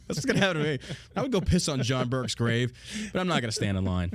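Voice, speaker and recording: A man's voice: mid-range voice, very animated, fairly quick, long pauses, no room sound. A man hosting a show, ranting bluntly and profanely in a casual, heated way. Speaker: show host. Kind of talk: casual political rant.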